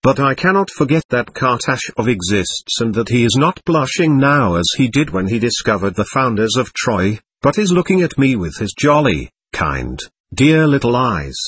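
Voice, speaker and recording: A man reading the part of a gentle, earnest young man who speaks warmly and pleadingly to a group of boys, in a storybook reading. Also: mid-range voice, very animated, moderate pace, hardly any pauses, husky, dry recording. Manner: warm, heartfelt, pleading.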